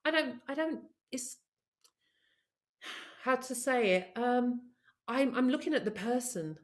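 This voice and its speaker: Woman workshop presenter on a video call, upbeat, encouraging, fairly high voice, talks directly to attendees. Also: expressive, takes it slowly. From of Caribbean heritage. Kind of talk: live online training session.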